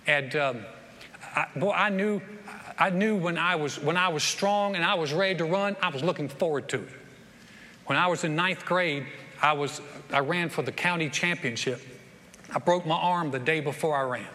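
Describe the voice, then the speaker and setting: In a church sanctuary, a pastor gives an animated sermon in a bright, somewhat high voice at normal speed, often stumbling and restarting as he tells stories. A long hall reverb rings over faint background noise.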